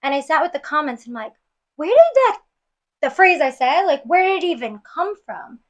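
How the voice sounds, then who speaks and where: Earnest high-voiced woman from New York City. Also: animated, a little fast, fairly bright tone. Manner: earnest, emotional retelling with restarts. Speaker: guest auditioning as co-host. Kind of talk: personal storytelling in a podcast interview.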